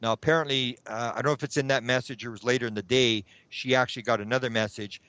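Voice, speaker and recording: Middle-aged male guest, chatty storyteller, mid pitch, dry lo-fi sound. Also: fast, few pauses, no echo. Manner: animated, acts out his own past thoughts. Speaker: guest, UFO researcher. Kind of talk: rambling anecdotal storytelling. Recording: dull lo-fi sound.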